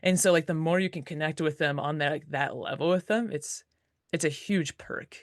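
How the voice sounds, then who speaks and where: A relaxed woman talking about mushing in a chatty, easygoing way, peppering her sentences with fillers and quick laughs. The sound is dry and close, with almost no room around her voice. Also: low-pitched, dry recording. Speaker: dog musher, interview guest. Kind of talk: casual storytelling interview.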